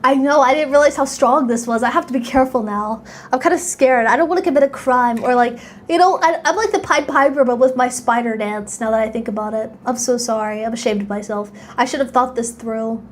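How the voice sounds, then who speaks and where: A young woman VTuber chatting on a live stream, excitable, squealing and giggling as she thanks her viewers. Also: high voice, brisk, slight background noise.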